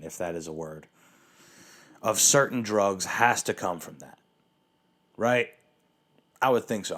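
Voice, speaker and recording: A man with a lowish voice rambles through a solo podcast rant, sarcastic and profane. He restarts sentences, leans on fillers, and has the hiccups. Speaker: podcast host.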